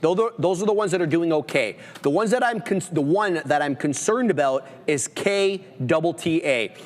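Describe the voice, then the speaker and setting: Male trading-stream host, steady jargon-heavy commentary, a touch high, reverb on the voice. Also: moderate pace. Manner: steady technical play-by-play with jargon. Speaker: host trader. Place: studio, livestream.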